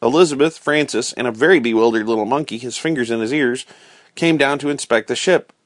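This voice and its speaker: A man reading a storybook aloud in a steady, expressive storytelling manner. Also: mid-range voice, brisk, dry recording, clean studio sound. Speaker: reader.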